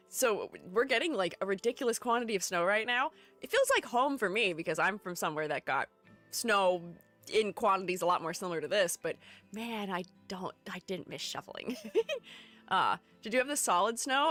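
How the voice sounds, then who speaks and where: Young woman, casual live-stream host; animated, chatty, laughs a lot. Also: medium pitch. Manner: chatty, reads chat aloud, laughs often. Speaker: streamer and art educator.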